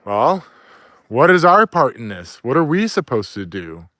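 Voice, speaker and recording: A man's voice: medium pitch, big pitch swings, unhurried, sharp tone, no room sound, clean studio sound. A man delivering an angry, profane, preachy rant outdoors. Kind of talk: ranting monologue. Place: outdoors near woods, with dog.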